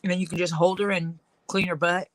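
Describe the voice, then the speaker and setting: A woman's voice: on the low side, level tone, a little fast, no room sound, low-quality recording. A woman leatherworker rambling through casual stories while she works at her craft. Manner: rambling, storytelling.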